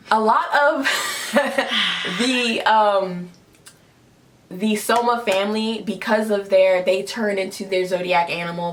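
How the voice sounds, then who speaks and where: Opinionated woman hosting a casual review. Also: mid-range voice. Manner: opinionated, conversational. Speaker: host.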